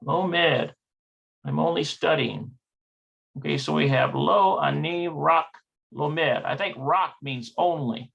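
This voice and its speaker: Slow, gravelly man teaching a lesson. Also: a little high, fairly bright tone, muffled recording. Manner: hesitant, thinking aloud, checking pronunciations. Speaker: Hebrew teacher. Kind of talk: slow online language lesson.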